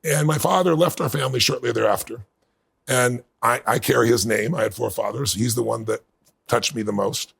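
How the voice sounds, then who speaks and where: A middle-aged man being interviewed, telling a personal story in earnest and building to bursts of excitement. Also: mid-range voice, brisk. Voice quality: gravelly, husky. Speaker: guest.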